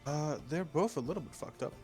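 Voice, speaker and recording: A man's voice: on the high side, expressive, a little fast, a little mellow, faint music behind. A man narrating as game master of a tabletop game, chatty and laughing, with many fillers.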